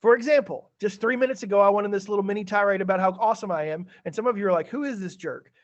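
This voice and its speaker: A male teacher with a fairly high, bright voice talks students through feedback on a video call, chatty and a touch theatrical. The audio sounds a little dull and muffled, like a typical online meeting. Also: very fast. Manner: chatty, animated, a bit theatrical. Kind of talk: online class feedback session.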